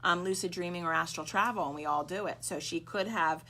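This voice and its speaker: A woman appearing as a studio guest on a radio show, explaining things in a calm, reassuring way. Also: fairly low pitch, a little fast, slight background noise. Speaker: psychic medium guest. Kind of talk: casual studio interview.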